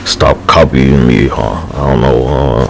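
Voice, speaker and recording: A man's voice: a bass voice, fairly even intonation, measured pace, gravelly, slight background noise. A man rambling through a livestream monologue, profane and slangy, drifting between thoughts with sighs and fillers.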